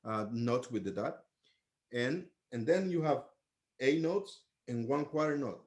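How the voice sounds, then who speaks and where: A man's voice: medium pitch, lively intonation, a little slow, darkish tone. Man patiently teaching trumpet articulation. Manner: patient, explains step by step, sings syllables to demonstrate. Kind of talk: music lesson.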